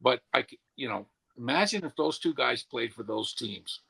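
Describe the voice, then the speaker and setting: Male podcast co-host, gravelly husky bright voice, rambling animated storyteller. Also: mid-range voice, normal speed. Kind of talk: casual podcast chat.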